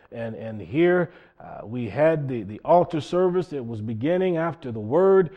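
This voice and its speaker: Folksy preacher man telling a story. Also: fairly high pitch. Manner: folksy, retells quotes with repeated "he said". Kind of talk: sermon storytelling. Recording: dull lo-fi recording.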